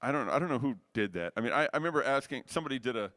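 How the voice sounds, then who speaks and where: A man's voice: mid-range voice, expressive, rapid-fire, a bit bright, no room sound. A middle-aged man, a jazz saxophonist, telling rambling stories in a casual interview. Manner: rambling anecdotal storyteller with frequent restarts.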